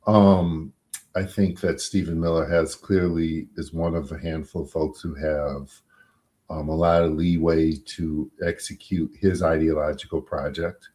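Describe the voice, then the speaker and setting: A man, a defense attorney being interviewed, answering in a measured, halting way with many pauses and fillers. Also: very deep voice, level tone, mellow.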